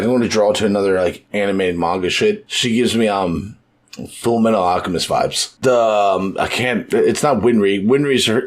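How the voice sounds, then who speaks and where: A young man talking loosely in a podcast chat, his voice sitting low. He swears freely and bursts into quick voiced-out bits as he retells scenes. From United States. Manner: loose, profane, animated, acting out scenes with quick voice shifts. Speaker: podcast co-host. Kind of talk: casual chat.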